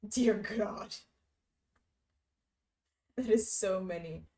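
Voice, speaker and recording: A woman's voice: medium pitch, very slow, crowd noise. A young woman livestreaming, chatting casually and reading viewers' messages aloud while she stitches, laughing often. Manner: giggly, chatty, reads chat messages aloud.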